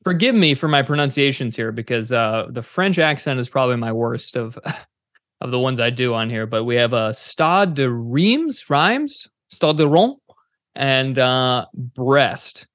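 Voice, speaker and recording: A man's voice: mid-range voice, moderate pace, a bit bright, no echo, studio quality. A man from the United States co-hosting a betting podcast in casual, easygoing chat with many fillers. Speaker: podcast co-host.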